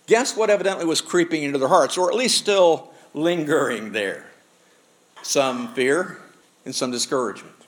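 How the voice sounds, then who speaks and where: A pastor preaching a sermon, asking the congregation rhetorical questions as he goes. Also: fairly high pitch.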